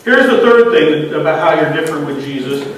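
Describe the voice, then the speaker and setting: A man's voice: on the high side, lively intonation, brisk. A man giving an earnest sermon in a church, putting question after question to the congregation. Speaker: lay speaker. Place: church sanctuary. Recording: echoey church hall from far off.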